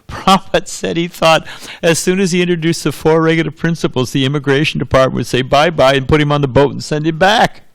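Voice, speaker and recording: A man's voice: a little high, fairly quick, creaky, no room sound. A man giving a temple sermon as a monk, telling anecdotes, laughing often and putting questions to his audience. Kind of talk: storytelling sermon.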